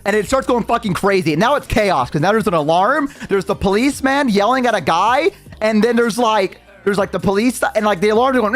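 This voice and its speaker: A young male streamer telling a story in a loose, rambling way, full of fillers and casual swearing. His voice sits a bit high and swoops around a lot. Faint music plays behind him. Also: lively intonation, a little fast, few pauses.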